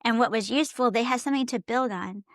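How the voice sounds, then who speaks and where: A woman's voice: a little high, fast, no room sound, clean studio sound. A woman co-hosting a parenting podcast who tells stories with energy, acting out quotes and laughing often. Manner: animated storyteller, acts out quotes, laughs often. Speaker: podcast co-host. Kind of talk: casual parenting chat.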